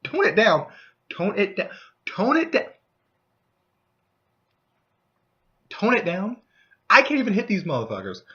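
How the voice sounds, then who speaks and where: A man voicing an exasperated, self-serving male thief who talks loud and emphatic. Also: high voice, huge pitch swings, moderate pace, voice pushed up, heavily acted. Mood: indignant. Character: fed-up selfish male thief adventurer. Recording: dull lo-fi recording.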